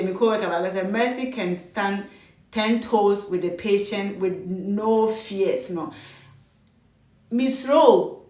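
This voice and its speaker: A woman, a charge nurse, giving firm, emphatic advice in casual talk and mixing English with Twi. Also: medium pitch. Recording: echoey room, voice from a distance.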